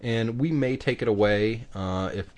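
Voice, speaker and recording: A man's voice: medium pitch, moderate pace, darkish tone. A man hosting a podcast, talking in an easygoing, chatty way with lots of fillers and restarts. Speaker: podcast host. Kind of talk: casual chat.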